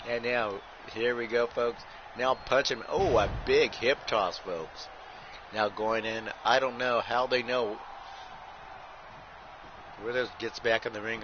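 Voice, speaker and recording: A man calling wrestling play-by-play over a video game like a ring announcer, tacking "folks" onto almost every line and bursting into shouts at big moves. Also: medium pitch. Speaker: host and play-by-play commentator. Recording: muffled audio with steady background noise.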